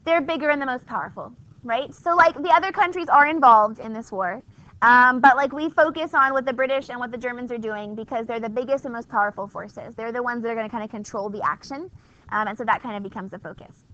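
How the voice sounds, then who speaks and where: A high, bright-voiced woman lectures a class in a relaxed, wry way, tossing out rhetorical questions and quick asides. The recording is dull and lo-fi, like a classroom capture. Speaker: history teacher.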